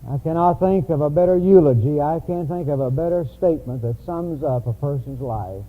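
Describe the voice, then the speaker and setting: A man preaches in a church, telling stories in a conversational style. His voice is fairly high and fairly quick, captured on a tinny, lo-fi, phone-like recording.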